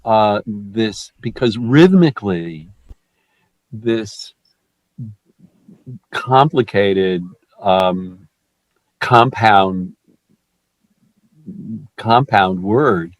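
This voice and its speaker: Slow, halting man leading a poetry group. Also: on the low side, no echo, low-quality recording. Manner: halting, many restarts and fillers. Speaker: discussion group leader. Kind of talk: poetry discussion.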